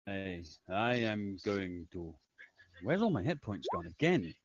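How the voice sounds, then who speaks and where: Casual low-voiced male player. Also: sing-song, unhurried, lo-fi sound, a little hiss or hum. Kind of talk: casual tabletop play.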